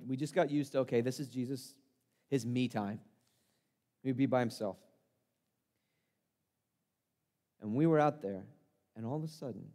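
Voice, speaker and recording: A man's voice: medium pitch, warm tone, lightly acted. A man playing an earnest, impulsive fisherman-disciple. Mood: reminiscing. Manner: earnest, conversational, self-deprecating storytelling. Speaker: church monologue performer. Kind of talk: dramatic first-person monologue. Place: church sanctuary. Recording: long reverb of a church hall.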